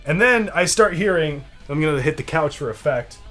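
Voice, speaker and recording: A man's voice: fairly high pitch, moderate pace, over loud music. A young man on a podcast, casually telling a long story, acting out what people said and laughing often. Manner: animated, acts out quotes in other voices, laughs often. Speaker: podcast co-host.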